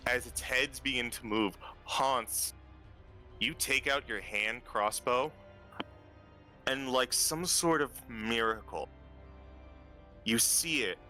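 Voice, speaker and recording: A man's voice: mid-range voice, bright, forceful tone. A man acting as dungeon master, narrating a tabletop game with playful, dramatic flair.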